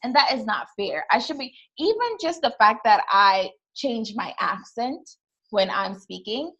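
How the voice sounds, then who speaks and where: A woman's voice: mid-range voice, a bit bright, slightly rough, low-quality recording. Young woman, Trinidadian accent, podcast co-host; candid, emphatic, conversational delivery. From Trinidad and Tobago. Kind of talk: casual chat.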